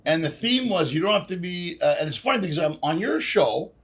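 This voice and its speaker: A man with a high, husky voice in casual podcast chat. He tells stories animatedly, keeps the banter moving and slips into mock voices. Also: lively intonation, a little fast. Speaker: guest comedian.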